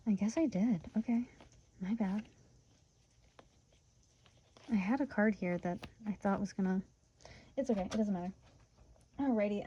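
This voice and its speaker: Young woman tarot reader, giggly and excitable, casual direct-to-viewer chat, slightly muffled home recording. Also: on the high side, a little hiss or hum. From Michigan, USA. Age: 20s. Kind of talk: casual tarot reading monologue.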